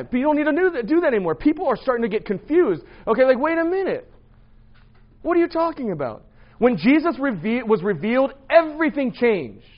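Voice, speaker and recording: A man's voice: sits high, muffled recording. A man teaching a Bible class in a conversational way, quizzing his students and often checking with "right?".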